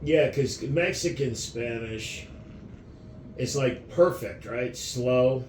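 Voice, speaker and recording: A man's voice: medium pitch, slow pace, a little mellow, reverberant, a little hiss or hum. A man bantering as co-host, cutting in with blunt, profane remarks. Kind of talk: casual comedic banter.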